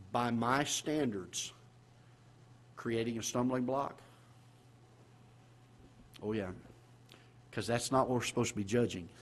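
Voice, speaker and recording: A man pastor with a Southern American accent, preaching a sermon in a church auditorium, asking the congregation questions and swinging from loud exclamations to quiet asides. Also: medium pitch.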